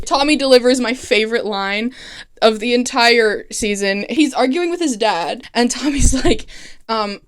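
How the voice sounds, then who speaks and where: A young woman casually recapping a TV plot, excitable, swearing and laughing as she goes. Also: on the high side, normal speed. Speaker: recap vlogger. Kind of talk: casual plot recap with comic voiced quotes.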